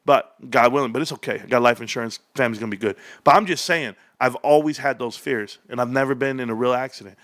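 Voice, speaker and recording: A man in his thirties hosting a stock livestream, ranting excitedly and telling rambling stories. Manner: hyped, rambling, loud swings, laughs often; lower storytelling mode.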